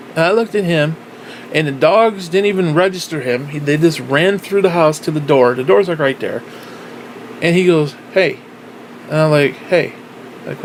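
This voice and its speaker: A man with a slightly high voice rambles his way through a casual vlog monologue. His talk is loose and profane, full of fillers and restarts. A faint hum of air conditioning sits behind him. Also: low-quality recording. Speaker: vlogger.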